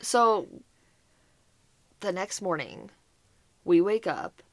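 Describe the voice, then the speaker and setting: A woman co-hosting a podcast, telling a chaotic holiday story in casual, animated chat, swearing and laughing as she goes. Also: on the low side, drawn-out words, dry recording. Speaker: podcast co-host.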